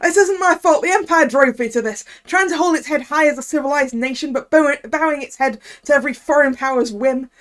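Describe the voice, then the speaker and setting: A woman's voice: high-pitched, brisk, hardly any pauses, close to an everyday voice. A woman voicing a cornered male journalist who rants self-righteously about justice. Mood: defiant ranting. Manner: defiant, grandiose ranting.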